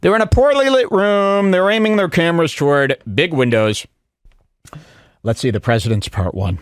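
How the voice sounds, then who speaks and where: A male podcast host giving casual, mocking commentary in a sarcastic, animated way, somewhat out of breath. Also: fairly high pitch, moderate pace, clear, resonant tone, no echo, clean studio sound. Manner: sarcastic, animated, breaks into mock voices.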